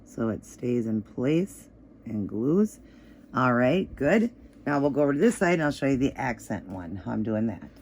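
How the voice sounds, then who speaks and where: A slightly hoarse woman giving a casual, chatty step-by-step nail art tutorial, with easygoing instructions and fillers. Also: very deep voice, big pitch swings, moderate pace, a little mellow, slight background noise. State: slightly hoarse, voice still crackly.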